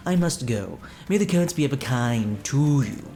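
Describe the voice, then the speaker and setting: A man's voice: mid-range voice, animated, moderate pace, mellow, soft background music, lightly acted. A man voicing a pompous, scholarly ocean researcher who lectures in lofty, wordy phrases.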